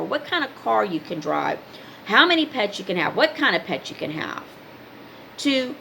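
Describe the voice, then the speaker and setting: Her mid-range voice is creaky, bright and forceful, captured on a rough recording with slight background noise. This spiritual advice vlogger and card reader addresses viewers casually, pressing her guidance in a preachy style full of repeated commands.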